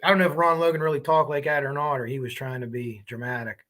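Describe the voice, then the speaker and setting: A man's voice: medium pitch, fairly even intonation, fast, pushed and bright. A man hosting a true crime livestream, chatting casually and rambling as he reacts to viewer comments.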